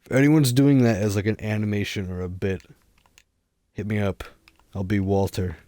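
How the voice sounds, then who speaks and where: A man streaming a game live, rambling and goofy in a deadpan way. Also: fairly low pitch, moderate pace, no room sound, clean studio sound.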